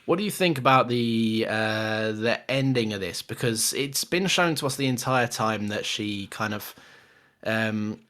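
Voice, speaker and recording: A man's voice: on the low side, unhurried. A man co-hosting a podcast, chatting casually about a film with lots of restarts and laughter. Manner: animated, laughs often, many restarts. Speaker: podcast co-host. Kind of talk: casual film review chat.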